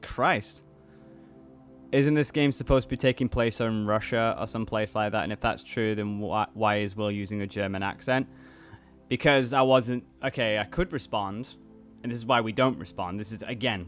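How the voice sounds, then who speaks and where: A man's voice: lowish voice, steady tone, normal speed, soft background music. A man in his twenties with a mixed British and American accent, chatting casually and rambling through viewer comments as a YouTuber. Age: 20s. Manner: rambling, restarts sentences, reads comments aloud. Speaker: YouTuber and voice actor. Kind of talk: casual chat reacting to comments.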